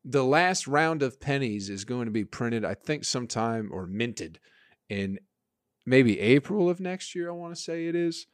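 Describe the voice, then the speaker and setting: A man's voice: medium pitch, expressive, unhurried, no room sound. A man hosting a casual solo podcast, rambling and swearing in an exasperated way. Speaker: podcast host.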